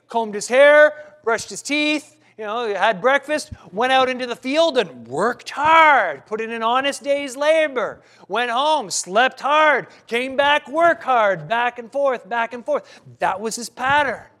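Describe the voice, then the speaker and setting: A man preaching a sermon, earnest and questioning, with dramatic pauses and some restarts. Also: very high voice, animated, sharp tone.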